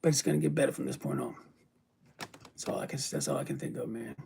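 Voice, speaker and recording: This vlogger sounds weary and ill, his gravelly, dark-toned voice sitting at medium pitch but swinging widely as he talks fast. He rambles and swears freely while chatting emotionally with viewers, over a little hiss or hum.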